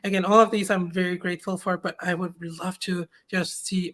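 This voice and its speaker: A woman's voice: mid-range voice, little pitch movement, fast talker, hardly any pauses, a bit bright. A young woman, an open source maintainer, chatting as an interview guest and rambling as she searches for words. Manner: rambling, searches for words with many ums and likes. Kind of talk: casual interview chat.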